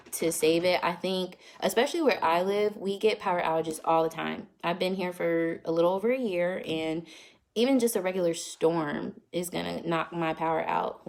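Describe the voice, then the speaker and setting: A young woman from North Carolina, chatting casually on a phone livestream at home and laughing often. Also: lowish voice. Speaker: vlogger answering live comments. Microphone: phone front camera.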